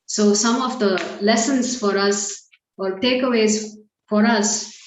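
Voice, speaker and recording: A woman giving a storytelling sermon as a temple speaker, calm and measured, with light fillers. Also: mid-range voice. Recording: echoey temple hall.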